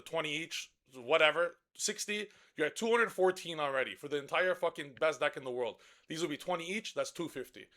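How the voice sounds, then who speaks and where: A brash man rants through a card game deck guide, swearing freely and getting louder as he gets worked up. His voice sits high and has a bright, forceful edge. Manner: profane, brash and excitable, shouting at times. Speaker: card game content creator.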